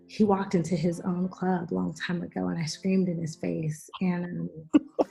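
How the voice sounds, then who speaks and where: A middle-aged woman talks casually on a podcast with a gravelly, mellow voice. She tells her stories in an animated way and acts out the lines of the people in them. Faint music plays underneath. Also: lowish voice. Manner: animated storyteller, acts out quotes. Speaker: podcast host and actress. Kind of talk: casual chat, storytelling.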